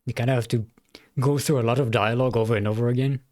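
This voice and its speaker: A man's voice: mid-range voice, fairly even intonation, fast, darkish tone. A man streaming a game, giving casual commentary in a rambling, self-correcting way and laughing easily.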